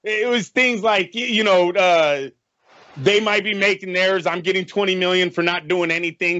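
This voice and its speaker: Brief: male co-host, blunt and cursing, slightly raised pitch; dull call audio. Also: normal speed, sharp tone, dry recording. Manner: blunt, emphatic, curses freely. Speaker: podcast co-host. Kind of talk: casual sports podcast chat.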